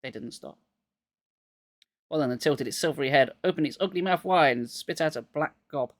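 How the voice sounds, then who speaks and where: A man's voice: fairly high pitch, fast talker, dry recording. Man with a cold reading aloud. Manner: wry, joking commentary between passages. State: getting over a cold, coughing. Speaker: reader of a children's horror book. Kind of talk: live book reading with jokey asides.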